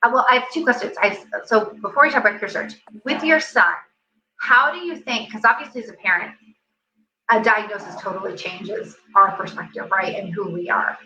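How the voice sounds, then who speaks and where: Bright-voiced woman host in an echoey room. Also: mid-range voice, moderate pace, a little hiss or hum. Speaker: interview host, parent. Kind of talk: casual interview chat. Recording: echoey, dull-sounding room with faint ambience.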